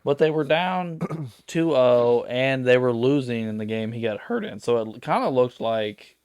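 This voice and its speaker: A man's voice: medium pitch, lively intonation, a little slow, darkish tone, clear, resonant tone, no echo, studio quality. Rambling man in casual sports chat. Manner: rambling, many fillers and restarts. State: sleepy, yawning. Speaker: podcast co-host.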